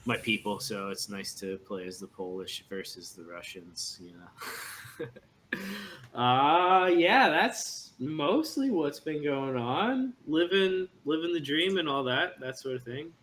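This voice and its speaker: A man's voice: medium pitch, lively intonation, slow pace, a bit bright, a little hiss or hum. A man chatting casually as a player in a tabletop game stream, laid-back and joking. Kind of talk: casual chat.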